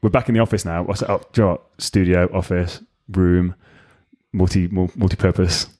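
A man's voice: deep voice, steady tone, a little fast, darkish tone. A young man hosting a podcast in casual chat, chatty and rambling with lots of fillers and restarts. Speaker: podcast host.

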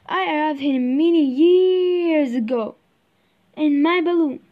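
A woman's voice: sits high, slow. A woman voicing a small wizard in a storybook reading. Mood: stern. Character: small, stern old male wizard. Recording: slightly dull recording.

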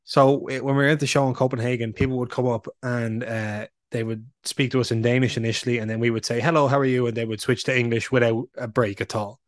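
A man's voice: mid-range voice, flat delivery, dry recording, clean studio sound. Chatty man co-hosting a podcast. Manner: chatty, storytelling with filler pauses. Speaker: podcast co-host. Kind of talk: casual chat.

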